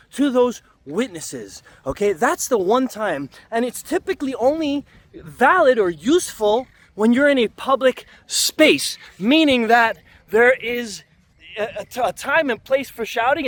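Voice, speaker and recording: A man's voice: very high voice, a bit bright. A man hosting a leadership channel, giving casual talk-to-camera advice in an emphatic, conversational way and checking in with "okay?".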